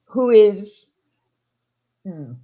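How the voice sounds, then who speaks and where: A woman's voice: mid-range voice, expressive, very slow, warm tone, muffled recording. A woman hosting a casual livestream, talking in a rambling way with lots of fillers and restarts. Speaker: channel host.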